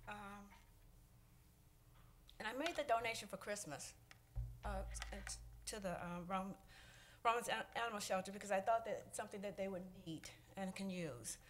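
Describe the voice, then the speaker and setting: Halting, emotional woman at public comment. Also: mid-range voice, fairly even intonation. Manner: halting, many fillers, emotional. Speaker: resident speaking at public comment. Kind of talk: public comment at a council meeting.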